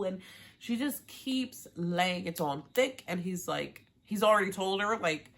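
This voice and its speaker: A woman's voice: mid-range voice, a little slow, a bit bright. A young woman recapping a reality show in a blunt, sassy, profane way, with Spanish as her first language. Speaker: TV show reviewer. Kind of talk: casual recap vlog.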